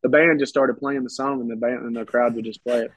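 Fairly quick and slightly rough, the guest speaks at medium pitch with fairly even intonation and no room sound. His storytelling is rambling and casual, full of restarted phrases, and the audio comes through dull and a bit muffled.

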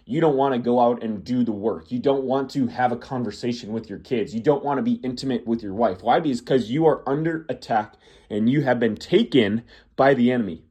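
A man's voice: mid-range voice, brisk, warm tone, slightly rough. A man hosting a podcast, preaching earnestly to the listener with emphatic, repeating phrases. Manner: earnest, addresses listener as "my friend". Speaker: podcast host. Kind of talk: preaching monologue.

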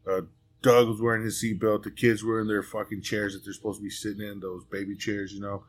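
A man's voice: on the low side, flat delivery, a little fast, breathy edge. A man hosting a podcast, in a loose, profane, storytelling chat with friends. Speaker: podcast host. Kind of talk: casual chat.

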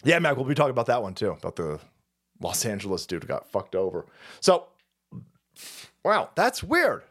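A man's voice: mid-range voice, huge pitch swings, moderate pace, a bit bright, breathy edge. A man hosting a livestream, ranting about politics in a profane, rambling way and laughing often. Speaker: livestream host.

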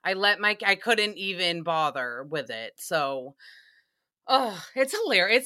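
Bright, sarcastic young woman ranting. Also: fairly low pitch, a little slow. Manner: profane, sarcastic, animated storytelling. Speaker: podcast host. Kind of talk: casual comedic recap monologue.

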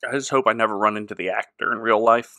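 A man's voice: fairly low pitch, steady tone, fast, sharp tone, no room sound, studio quality. A man co-hosting a podcast, recapping a show in casual chat and joking around. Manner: jokey, acts out characters in exaggerated voices. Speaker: podcast co-host.

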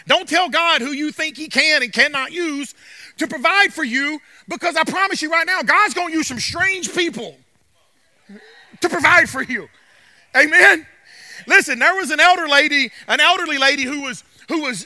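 High-voiced, emphatic male pastor. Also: sharp tone, dry recording. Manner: emphatic, repetitive, calls out "Amen?". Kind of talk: sermon.

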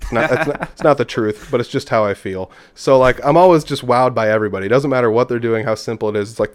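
A man's voice: mid-range voice, fast, no echo. A man, a podcast guest, talking in casual conversation, rambling through stories and acting out what people said. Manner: rambling storyteller who acts out quotes.

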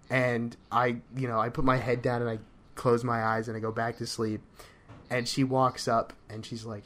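A man's voice: mid-range voice, steady tone, unhurried, a bit bright. A young man co-hosting a podcast, telling stories in a rambling, casual way with lots of fillers and laughter. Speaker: podcast co-host. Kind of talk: casual chat, storytelling.

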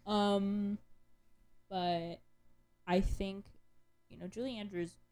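A woman's voice: mid-range voice, fairly even intonation, takes it slowly, darkish tone, smooth. A young woman co-hosting a podcast, chatting casually with sarcastic asides and plenty of fillers. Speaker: podcast co-host. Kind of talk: casual chat.

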